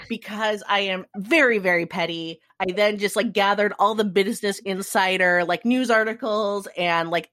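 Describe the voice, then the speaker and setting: Woman, casual chat, lively storytelling, dry sound. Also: mid-range voice, no room sound. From California. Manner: animated storyteller, acts out quotes, swears. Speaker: podcast co-host.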